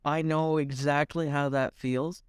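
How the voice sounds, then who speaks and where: A man's voice: fairly high pitch, level tone, a little slow, clear, resonant tone, no echo, studio quality. A man co-hosting a podcast in casual chat, rambling and teasing as he jokes with his friend. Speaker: podcast co-host.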